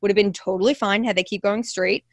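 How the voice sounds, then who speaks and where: Young woman, candid animated storytelling, interview guest, dry close sound. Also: mid-range voice, fast talker, dry recording. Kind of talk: personal storytelling in conversation.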